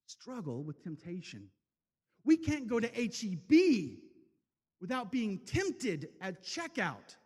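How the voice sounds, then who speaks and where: A man preaching an impassioned sermon, swinging from loud declarations to hushed, slow passages. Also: high voice, long reverb tail. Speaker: speaker at a men's event.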